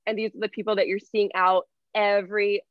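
A woman's voice: medium pitch, little pitch movement, a little fast, no room sound. Young woman guesting on a podcast, blunt, laughs a lot, muffled earbud mic, mid voice. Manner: frank, laughs often, swears. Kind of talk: casual chat.

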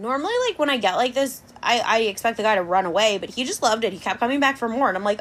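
A young woman hosting a podcast, telling a dating story in an animated, chatty way. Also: a little high, a little fast. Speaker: podcast host. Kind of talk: casual chat.

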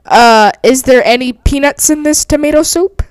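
Giggly high-voiced young woman role-playing. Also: moderate pace, clean tone, no room sound. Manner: playful, giggly, bursts into shrill melodramatic shrieks. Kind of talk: improvised role-play with a friend.

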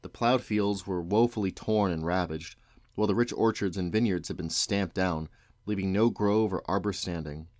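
A man reading a storybook chapter aloud to his children, measured and expressive. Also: low-pitched, no room sound, studio quality.

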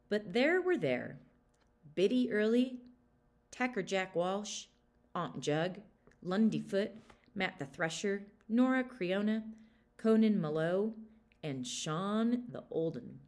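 A woman narrating a folk tale in a measured, expressive storybook reading. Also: fairly low pitch.

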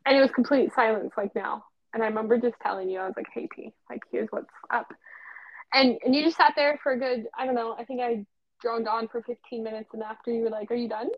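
A woman telling a story in casual chat, animated, swearing freely and acting out past conversations. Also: a little high, fast talker, dry recording, lo-fi sound.

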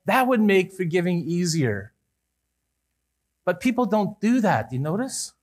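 A man with a notably high-pitched voice delivers a church sermon. He talks earnestly, pushing up for emphasis and dropping quiet at the ends of points. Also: big pitch swings, measured pace. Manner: earnest, rises and falls with emphasis, some restarts. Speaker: pastor.

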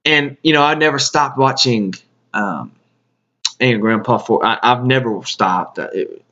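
A man hosting a podcast, speaking a casual tribute monologue in a halting way, often repeating his words. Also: mid-range voice, sharp tone. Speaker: podcast host. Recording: dull lo-fi sound.

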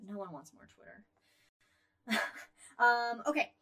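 A woman co-hosting a podcast, chatting casually about astronomy news with lots of ums and uhs and a loudness that rises and falls. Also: on the high side, drawn-out words, a crowd in the background. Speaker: podcast co-host.

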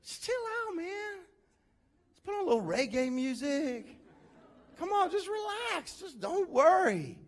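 A man doing a laid-back fellow who waves away every problem. His voice sits high and loose, and he stretches his words in a dismissive drawl that sounds too relaxed to care. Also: unhurried, slight background noise, heavily acted. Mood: breezy. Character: breezy laid-back man brushing off worries.

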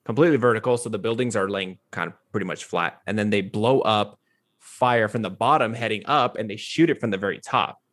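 A man with a lowish voice talks about movie effects in a loose, halting way. He stumbles and restarts often while chatting among friends. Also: fairly bright tone. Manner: halting, many restarts and fillers. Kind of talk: casual movie discussion.

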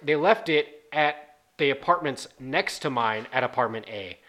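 A man's voice: medium pitch, animated, a little slow, bright, forceful tone, a little hiss or hum. A man in casual chat, telling laid-back, rambling anecdotes.

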